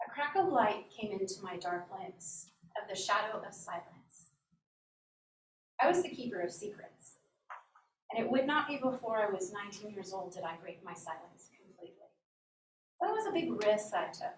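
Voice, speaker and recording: A woman giving an earnest, animated inspirational talk as a guest speaker in a church hall. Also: mid-range voice, moderate pace. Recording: roomy echo from a distant mic, faint hum.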